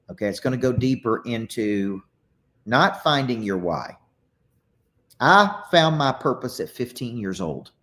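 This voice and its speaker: A middle-aged man with a Southern US accent, a business coach and author giving a motivational talk, telling stories with energy and frequent restarts. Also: medium pitch. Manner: energetic storytelling with repeated restarts.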